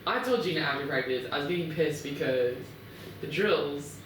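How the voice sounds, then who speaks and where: A woman's voice: sits low, normal speed, distant mic, a little hiss or hum. A woman podcast guest chatting casually and expressively, trailing off and laughing at herself. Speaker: podcast guest, pro volleyball player. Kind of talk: casual chat. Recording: echoey room, away from the mic.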